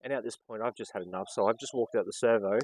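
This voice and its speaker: A man with an Australian accent telling an exasperated, animated story to his vlog audience. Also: fairly low pitch, quick pace, no room sound, low-quality recording. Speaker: vlogger.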